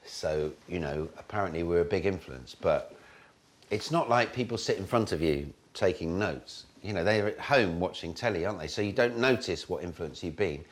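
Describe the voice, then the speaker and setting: A man in his forties, a comedian talking in a relaxed, rambling, self-deprecating way in an interview. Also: deep voice, normal speed. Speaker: comedian guest. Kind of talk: casual interview.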